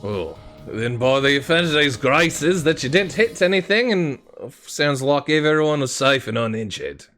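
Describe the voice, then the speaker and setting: A man's voice: a little high, lively intonation, moderate pace, hardly any pauses, a bit bright, soft background music, voice pushed up. A man voicing a portly male Triton councillor in a tabletop game. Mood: formal.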